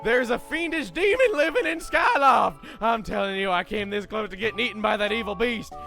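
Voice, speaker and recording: A man voicing a jittery young man who shouts urgent warnings about a demon, over game music. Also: sits high, expressive, fairly quick, creaky, voice pushed up, heavily acted. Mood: alarmed.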